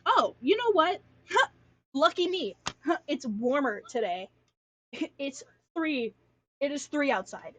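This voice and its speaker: A young woman from Alaska rambling casually on a livestream, slangy, self-deprecating and swearing freely, speaking at home at her computer. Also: on the high side. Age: young adult. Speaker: streamer. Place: home room.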